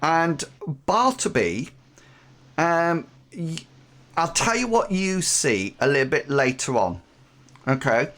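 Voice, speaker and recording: A man running an online tabletop game as game master, narrating in a halting way with many pauses. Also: on the high side, big pitch swings, fairly bright tone. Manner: halting, with frequent pauses and fillers.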